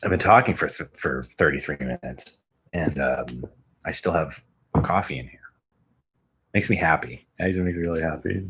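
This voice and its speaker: Deep voiced guy rambling on his podcast at home, cussing, laughing at himself. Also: normal speed, a bit bright, slightly rough. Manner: rambling, profane, self-mocking. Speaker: podcast host. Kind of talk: casual rambling monologue. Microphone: studio microphone close up.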